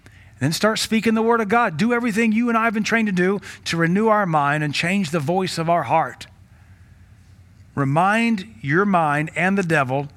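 A man's voice: a little high, moderate pace, a bit bright. A male pastor with a Southern American accent preaching a sermon, exhorting his listeners and raising his voice when he voices stern rebukes. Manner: exhorting, rises sharply when voicing quoted rebukes.

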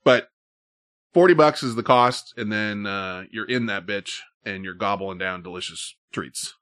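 A man's voice: lowish voice, unhurried, fairly bright tone, smooth, no echo. Man, stream host, casual chat, rambling, swears a lot, dry close sound. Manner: loose, profane, rambling.

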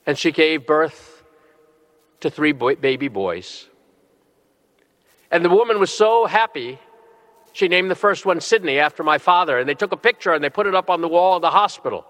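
A middle-aged man, a bishop, preaching a sermon with earnest, slow and emphatic phrasing. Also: fairly high pitch, lively intonation, fairly bright tone. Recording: long reverb of a large hall.

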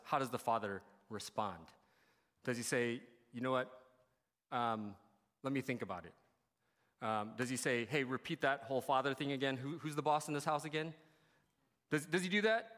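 A man preaching a casual, conversational sermon, acting out quoted reactions and swinging between loud and quiet. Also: a little high, big-room sound. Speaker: pastor.

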